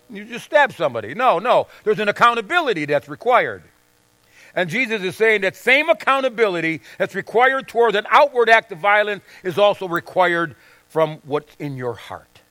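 High, bright-voiced male pastor preaching. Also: sing-song, normal speed, dry recording. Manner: conversational, confessional preaching with acted-out quotes. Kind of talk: sermon. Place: church sanctuary with congregation.

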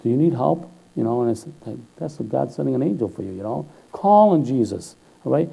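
With lively intonation and a gravelly voice, a man preaches a chatty, informal sermon at a slightly fast clip, often pausing to ask "all right?" and rising loud and high as he exhorts or quotes. The recording is rough.

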